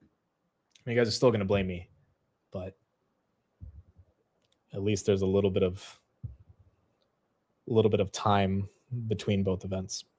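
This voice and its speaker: A man's voice: sits low, flat delivery, darkish tone. Casual young male market streamer. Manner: self-deprecating, quick-shifting, laughs at himself. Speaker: host of a live stock market show.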